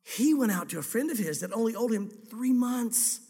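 A man's voice: very high voice, lively intonation, normal speed, warm tone, breathy edge, long reverb tail, heavily acted. A man voicing anxious servants hurrying to report to a king, in a sermon. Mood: urgent.

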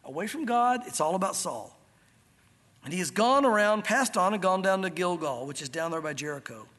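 A man with a high-pitched voice preaches an animated sermon, explaining scripture and playing out the characters with lively delivery. His voice rings with the long reverb of a large church hall. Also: brisk. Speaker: pastor. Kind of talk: expository sermon.

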